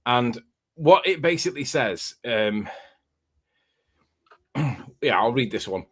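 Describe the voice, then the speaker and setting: A man with a light Scouse accent, briskly explaining and reading aloud an article in a casual online chat. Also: medium pitch, expressive, breathy edge. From northwest England. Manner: brisk, explanatory, talking while eating. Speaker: guest presenter.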